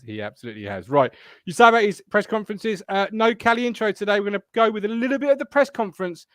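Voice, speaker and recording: A man with a Suffolk accent, ill with tonsillitis, hosts a casual live fan show from home, swearing, laughing self-mockingly and drifting between thoughts. He's a fast talker whose high, fairly bright voice has lively intonation. The audio is clean studio sound with no room sound.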